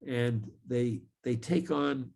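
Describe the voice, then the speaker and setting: A middle-aged man giving an earnest live talk as an ocean scientist, speaking in a measured way with many pauses and fillers. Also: mid-range voice, creaky, a little mellow.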